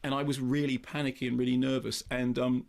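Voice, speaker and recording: Fast-talking, gravelly man telling stories. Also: mid-range voice. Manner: rapid, excitable storytelling with acted-out exclamations. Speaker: film critic being interviewed. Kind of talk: animated anecdotal interview talk.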